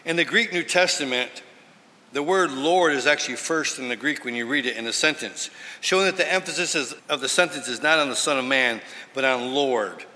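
A man's voice: medium pitch, brisk, pushed and bright. A man teaching from the Bible in an earnest, emphatic sermon style. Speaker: preacher. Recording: hall reverb.

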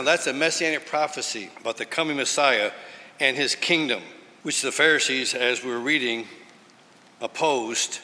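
A man's voice: mid-range voice, sharp tone. A man teaching from the Bible in an earnest, emphatic sermon style. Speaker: preacher. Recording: hall reverb.

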